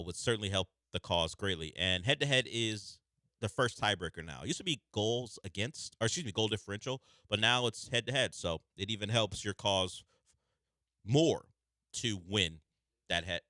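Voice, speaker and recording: Man, sports radio host, low voice, chatty analysis, dry studio sound. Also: sharp tone, dry recording. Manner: explains at length, chatty and analytical. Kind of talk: sports talk radio banter.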